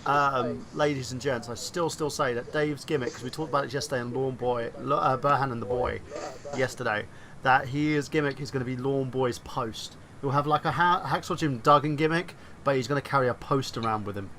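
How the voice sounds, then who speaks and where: A man in a middle pitch hosting a casual podcast. He talks loosely and rambles a bit, with frequent ums and restarts. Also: brisk, a crowd in the background. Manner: loose, filler-heavy delivery. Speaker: podcast host.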